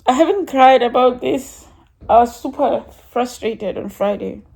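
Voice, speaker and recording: Mellow-voiced woman telling a testimony. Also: a little high, measured pace, creaky, breathy edge. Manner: chatty and rambling, with frequent laughs and some emotion. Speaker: church member giving a testimony. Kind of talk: casual spoken testimony story.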